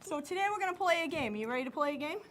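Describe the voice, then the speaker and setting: A comedian on stage playing a loud, teasing middle-aged woman with a Boston accent. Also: very high-pitched, lively intonation, very fast, slight background noise. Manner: brassy, teasing, exaggerated. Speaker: stand-up comedian in character. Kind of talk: live stand-up character comedy on stage. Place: stage at a live telethon.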